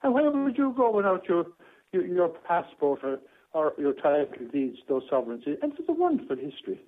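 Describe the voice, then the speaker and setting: An older man from rings in to a radio show, his voice sitting fairly high and coming through a thin, tinny phone line. He talks in an aggrieved, rambling way, circling back with many restarts and repeated words. The sound is dry and close. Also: very animated, a little fast, no room sound. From Ireland. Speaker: caller.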